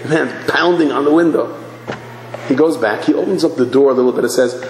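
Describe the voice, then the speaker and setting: A man's voice: mid-range voice, a little fast, slight background noise. A man in his fifties, a religious teacher giving a sermon, telling stories and acting out the people in them. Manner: animated storytelling, acting out quotes. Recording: echoey hall, faint ambience.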